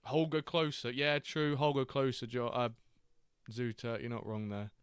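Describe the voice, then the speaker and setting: A man hosting a live game stream, chatting casually, greeting viewers and reacting excitedly to player stats. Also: mid-range voice, clear, resonant tone, dry recording, studio quality. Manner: chatty, reacts to chat readers by name, quick excited asides. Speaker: streamer host.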